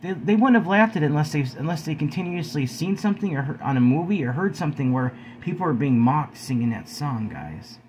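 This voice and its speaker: A man's voice: fairly high pitch, big pitch swings, a little fast, hardly any pauses, darkish tone, a little hiss or hum, rough recording. A man in his forties, talking earnestly to his viewers from home in a preachy vlog, often calling them guys. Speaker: video host. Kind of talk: earnest spoken vlog talk.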